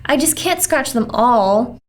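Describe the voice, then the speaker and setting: A woman's voice: lively intonation, slow pace. Storybook figure: woman voicing a whiny, itchy little schoolgirl. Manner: whining, complaining, higher than narration.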